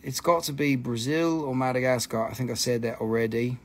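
Talking a little fast in a mid-range voice, the man hosts a live stream where he sells minerals. He jokes with viewers in casual, excitable chat and swears freely.

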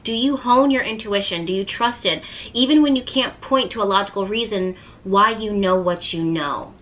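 A woman giving a tarot reading to her viewers, gently encouraging them and reading card texts aloud. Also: mid-range voice, normal speed. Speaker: tarot reader.

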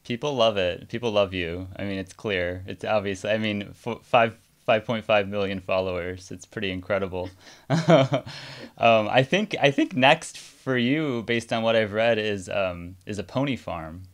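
A man's voice: on the low side, unhurried. A man interviewing a guest, asking questions in a friendly, conversational way. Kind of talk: casual interview chat.

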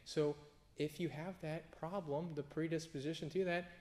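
A man, a pastor, giving an informal sermon, often restarting phrases and jumping into sudden emphatic high bursts. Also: fairly even intonation, normal speed, darkish tone. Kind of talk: conversational sermon.

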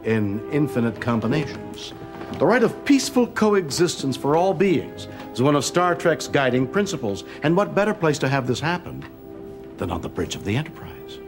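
A man's voice: on the high side, sing-song, moderate pace, over music. Man narrating a documentary.

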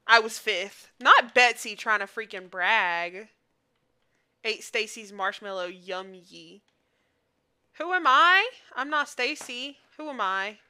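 A woman's voice: on the high side, animated, slow pace, pushed and bright, clear, resonant tone. A woman streamer giving casual commentary on her gameplay, playful and full of slang, teasing other players and laughing often. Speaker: gaming streamer.

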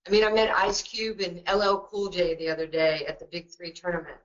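A woman's voice: lowish voice, level tone. Blunt joking New York woman. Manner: blunt, joking, quick storytelling with asides. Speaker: basketball coach and guest speaker. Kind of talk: webinar talk. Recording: dull lo-fi webinar audio.

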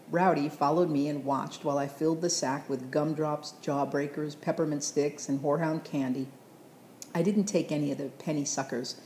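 Woman audiobook reader, low mellow voice, roomy recording. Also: slight background noise. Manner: steady, plain storytelling. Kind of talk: scripted audiobook narration.

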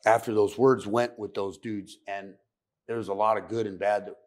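A man from California, a podcast guest, telling his story candidly in a soft-spoken, profane, reflective way. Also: lowish voice, little pitch movement, normal speed. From San Fernando Valley, California.

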